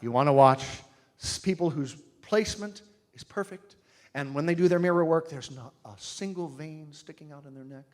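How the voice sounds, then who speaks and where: A man teaching singing to a live audience in a humorous, animated way, demonstrating sounds with his own voice. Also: on the high side, normal speed. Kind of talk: live workshop talk.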